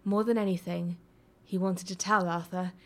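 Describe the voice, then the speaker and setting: A woman reading a story aloud in a calm, soft manner, sometimes dropping to a near whisper. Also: lowish voice, normal speed. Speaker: reader. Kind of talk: reading fan fiction aloud.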